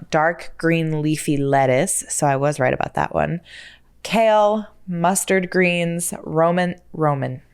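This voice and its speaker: A woman's voice: low voice, clear, resonant tone. A woman hosting a casual solo podcast, chatty and self-deprecating, who stumbles over words and laughs at herself. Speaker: podcast host.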